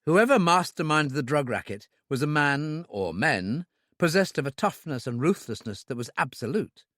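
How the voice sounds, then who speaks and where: Guy narrating a thriller audiobook, dry close sound, kinda high voice, wry and measured. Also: lively intonation, a bit bright, dry recording. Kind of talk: scripted first-person narration.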